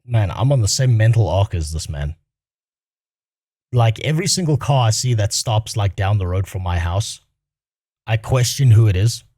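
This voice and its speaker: A man's voice: on the low side, expressive, moderate pace, dark tone, no room sound, clean studio sound. A man streaming his reaction to a clip, in casual, crude, rambling talk that keeps breaking into laughter.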